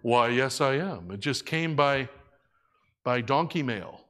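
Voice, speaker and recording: A man's voice: medium pitch, lively intonation, takes it slowly, a bit bright. A man putting on a boastful ancient townsman with a posh English accent. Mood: smug. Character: proud ancient townsman showing off his new cloak.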